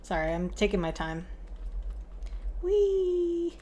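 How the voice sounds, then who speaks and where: A woman's voice: mid-range voice, expressive, takes it slowly, dull audio, a little hiss or hum. A young woman streaming a game, chatting casually in a playful, giggly, rambling way and poking fun at herself.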